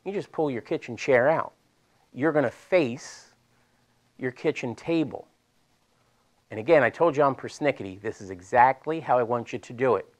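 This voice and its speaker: A man's voice: medium pitch, moderate pace, pauses often. Chatty Delaware man teaching a seminar. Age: middle-aged. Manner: animated, chatty, repeats himself for emphasis. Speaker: physical therapist presenter. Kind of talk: live seminar demonstration. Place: seminar room with an audience.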